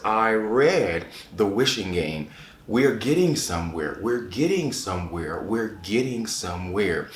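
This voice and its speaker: A man chatting casually to camera as a book reviewer, animated and repeating phrases for emphasis. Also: fairly low pitch, slight background noise. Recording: echoey room.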